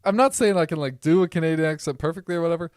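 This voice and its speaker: A young man from the American Midwest with a Midwest accent, co-hosting a podcast in relaxed, rambling casual chat. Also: on the high side, racing, dry recording, clean studio sound. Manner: relaxed, rambling, laughs often. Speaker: podcast co-host.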